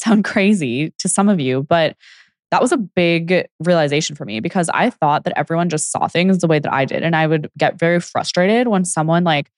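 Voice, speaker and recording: A young adult woman with a deep, slightly mellow voice hosts a casual solo podcast as a fitness coach. She's chatty, says "like" a lot, and acts out what other people told her. The sound is clean and studio-grade, without any echo.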